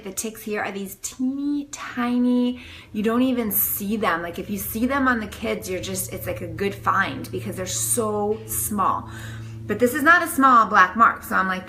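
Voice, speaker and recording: A woman in her thirties, casually telling a vlog story to the camera, animated and breathless. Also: mid-range voice. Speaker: vlogger.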